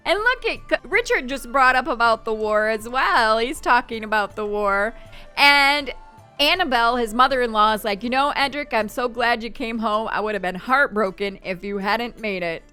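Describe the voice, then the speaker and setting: A woman talks through a life-sim game in easy, chatty commentary, now and then tossing off her characters' thoughts. Her voice sits a little high and sounds bright and clean, with faint game music underneath. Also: clear, resonant tone. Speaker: gaming channel host. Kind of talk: casual gameplay commentary.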